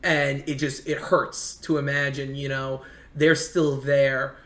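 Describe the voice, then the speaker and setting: A man's voice: mid-range voice, level tone, takes it slowly, fairly bright tone. A man from the United States telling rambling, earnest travel stories in a casual chat. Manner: earnest, rambling anecdotes with many restarts. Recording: echoey room.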